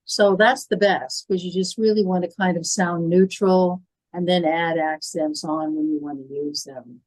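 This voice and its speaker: A woman's voice: on the low side, fairly even intonation, normal speed, darkish tone, no room sound, poor audio. A woman in her seventies from the Midwest with a Midwestern American accent and polished, stage-trained diction, chatting as a guest in a podcast interview. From Illinois, US Midwest. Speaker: guest, horror film actress.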